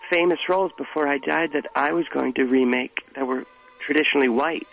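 A man's voice: a little high, fairly quick, vocal fry, a bit bright, muffled recording, faint music behind. A man voicing a late male pop star, earnest and self-important, rambling and breaking into film-quote impressions in a radio comedy sketch. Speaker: radio comedy bit performer.

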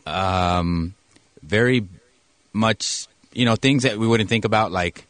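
A man who is a police officer, answering questions on a radio show in a halting, matter-of-fact way that often corrects itself. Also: on the low side, a bit bright, dry recording. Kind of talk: casual radio interview answers.

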